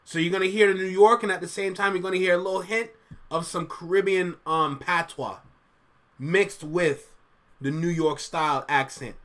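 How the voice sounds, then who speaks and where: A man's voice: high-pitched, normal speed, a bit bright. A Canadian man hosting a casual reaction video, chatty and upbeat, laughing often. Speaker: host reacting to a livestream.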